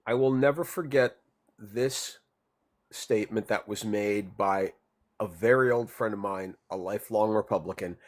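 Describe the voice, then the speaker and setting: A man in a casual heated debate, animated and cutting in on others. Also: lowish voice, measured pace. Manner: animated, interrupting.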